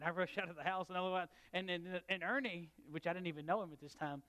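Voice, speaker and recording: Pastor telling a story. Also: male voice, sits high, fairly even intonation, quick pace. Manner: storytelling, shifts between loud and soft. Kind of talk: sermon.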